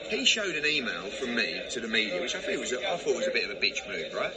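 A man's voice: medium pitch, big pitch swings. A boxing promoter joking and teasing his way through an interview. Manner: cheeky, teasing, quick to joke. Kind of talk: bantering interview at an event. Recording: loud crowd behind, archive clip. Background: loud crowd chatter.

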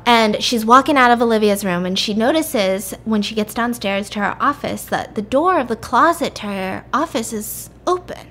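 A woman's voice: on the high side, moderate pace, few pauses. A woman host retelling a story in a chatty, casual way, full of "like" and asides. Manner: chatty, lots of "like", animated retelling. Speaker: podcast host.

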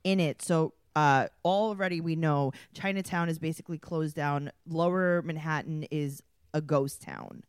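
A woman podcast host talks bluntly and teases her co-hosts with sarcasm. Her pitch sits slightly low. The sound is close, with no room echo. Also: fairly even intonation, measured pace, clear, resonant tone. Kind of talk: casual comedic chat. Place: home.

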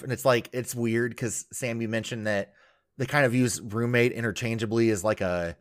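A man's voice: medium pitch, fairly even intonation, normal speed. A man co-hosting a podcast, recapping a reality show in rambling casual chat full of fillers and laughs. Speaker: podcast co-host.

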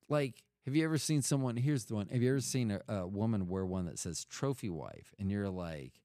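A man's voice: lowish voice, lively intonation, brisk, hardly any pauses, warm tone, no room sound, clean studio sound. A middle-aged man telling a rambling, profane story in casual talk, often cutting himself off. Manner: rambling, profane, self-interrupting.

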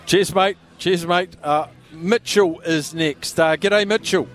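A man hosting a live radio sweep draw from a busy pub, chatty and quick, raising his voice over the room. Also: fairly high pitch, a bit bright, faint music behind.

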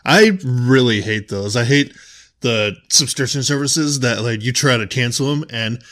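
A man's voice: medium pitch, a little slow, fairly bright tone. A young man hosting a casual podcast, reading posts aloud and ranting about them with frequent swearing. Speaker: podcast host.

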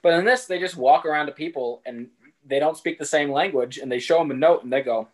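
A man's voice: on the high side, a little fast. A man on a casual podcast, retelling a film's plot and acting out the characters' lines in put-on voices. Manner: animated, acts out characters' lines in put-on voices and laughs often. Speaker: podcast co-host. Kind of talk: casual chat retelling a film.

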